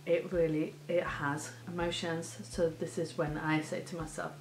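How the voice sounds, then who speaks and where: A woman's voice: sits low, flat delivery, moderate pace, noisy background. A woman hosting a reaction video, tearful and crying, gushing with praise and laughing through her tears. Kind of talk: emotional reaction commentary. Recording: roomy echo.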